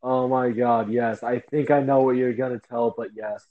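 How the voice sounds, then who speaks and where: A man's voice: mid-range voice, fairly even intonation, moderate pace. A teenage young man co-hosting a podcast, chiming in with blunt, profane reactions. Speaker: podcast co-host. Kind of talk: casual chat. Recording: dull lo-fi mic.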